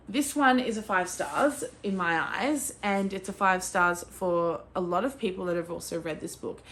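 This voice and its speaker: A young Australian woman talking casually about books as a vlogger, gushing and excitable, with sudden squeals and swearing. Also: mid-range voice. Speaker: book vlogger. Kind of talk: casual chat.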